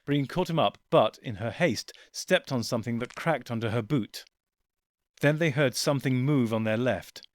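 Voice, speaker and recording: A man narrating a science fiction audiobook in a measured, quiet storytelling voice. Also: medium pitch, dry recording. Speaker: audiobook reader. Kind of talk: scripted narration.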